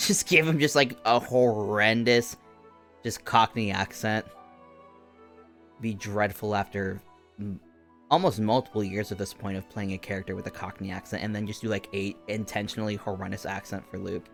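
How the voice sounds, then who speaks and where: A man's voice: fairly low pitch, moderate pace, gravelly, a bit bright, soft background music. A young man streaming a game, chatting casually and rambling with lots of fillers.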